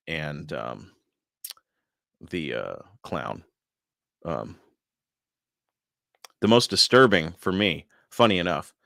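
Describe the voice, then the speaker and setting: Low-voiced man telling stories, swearing and laughing. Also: fairly bright tone, no echo, clean studio sound. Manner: loose and profane, laughing often at his own stories. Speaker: podcast host. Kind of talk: casual solo podcast storytelling.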